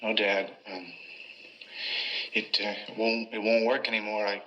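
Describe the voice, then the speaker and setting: An actor playing a desperate young ballplayer son, strained and pleading. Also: male voice, on the low side, level tone, a little slow, bright, forceful tone. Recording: dull lo-fi film sound.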